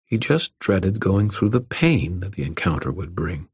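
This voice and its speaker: A man narrates a first-person story at a measured, even pace. His voice sits very low and carries a husky grain. The recording is dry and close, with no room echo. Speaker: audiobook narrator.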